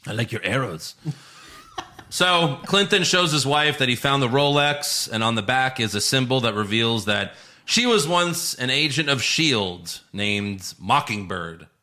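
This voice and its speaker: Male podcast host, animated recapper, bright and tense tone, pitch swinging widely. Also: a little slow. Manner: animated, laughs often, acts out quotes. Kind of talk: casual chat recapping a show.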